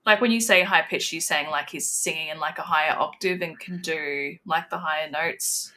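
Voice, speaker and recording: Bright-voiced casual woman co-host. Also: low voice, normal speed. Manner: tentative, questioning, lots of "like". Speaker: podcast co-host. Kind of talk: casual chat.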